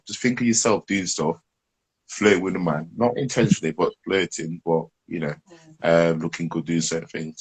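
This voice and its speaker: A middle-aged man with a husky voice, rambling through relationship advice in casual chat and laughing at his own stories. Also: deep voice. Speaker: podcast co-host giving relationship advice.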